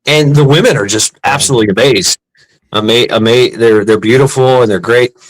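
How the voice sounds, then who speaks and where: A man's voice: medium pitch, brisk, low-quality recording. Crude rambling American storyteller man. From United States. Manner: profane, rambling, laughs at own stories.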